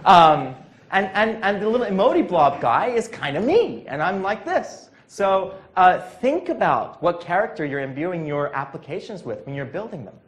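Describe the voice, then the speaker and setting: A man with a high, very lively voice speaks at a conference. His pitch leaps about as he playfully acts out little voices. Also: normal speed. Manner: animated and playful, acting out voices. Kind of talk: conference talk.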